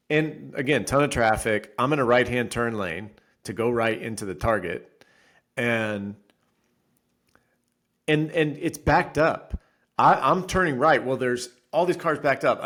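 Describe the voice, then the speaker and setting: Brief: man, thirties, podcast co-host, animated storyteller who acts out his own lines. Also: medium pitch. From Florida resident. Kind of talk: casual podcast chat.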